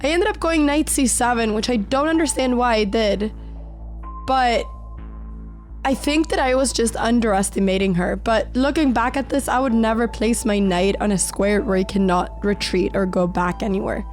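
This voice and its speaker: A woman narrating her own chess game in a calm, measured voice-over, slightly sick with an occasional crack in her voice. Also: on the high side. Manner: calm, measured storytelling of moves. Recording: voice-over with faint background music.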